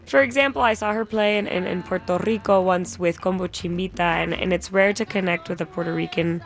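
A woman's voice: fairly low pitch, steady tone, brisk. A woman co-hosting a radio music show, thoughtfully searching for words as she talks about singers and songs.

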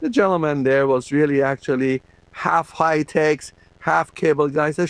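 Gravelly man from the Middle East recounting. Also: fairly high pitch, no room sound. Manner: earnest, halting, with fillers. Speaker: inventor interviewee. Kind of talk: recounted interview.

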